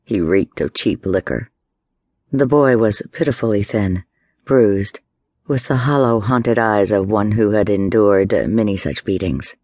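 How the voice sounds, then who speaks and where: A man narrates a historical story in a low, steady voice. The recording is dry and close, and his delivery is measured and dramatic. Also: dry recording. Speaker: audiobook narrator. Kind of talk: scripted narration.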